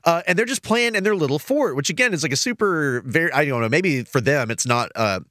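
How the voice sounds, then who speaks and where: A man's voice: fairly high pitch, lively intonation, brisk, sharp tone, no echo, clean studio sound. A man hosting a podcast, chatting casually and rambling through asides. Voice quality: rambling, self-interrupting. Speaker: podcast host. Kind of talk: casual chat.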